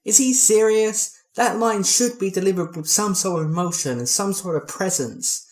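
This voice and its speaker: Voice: mid-range voice, moderate pace. A film reviewer, giving a scornful, profane comedic review.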